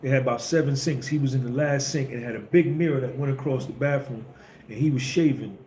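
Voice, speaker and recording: A man's voice: medium pitch, fairly quick, a little mellow. Blunt storytelling man, echoey room. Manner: blunt, emphatic, preachy street talk. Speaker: podcast host. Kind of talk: casual monologue storytelling. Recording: echoey room with faint background hum.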